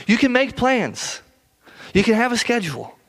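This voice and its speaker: A man's voice: very high-pitched, big pitch swings, moderate pace, fairly bright tone. A man preaching a sermon in an earnest, repetitive way, often stumbling and restarting his words. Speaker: pastor.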